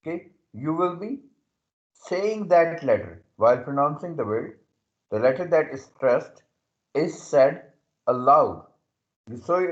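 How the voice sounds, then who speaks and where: A man teaching an English lesson, explaining slowly and repeating himself, often checking in with "okay". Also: medium pitch, highs cut off. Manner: repetitive, checks understanding with "okay". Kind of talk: slow classroom explanation.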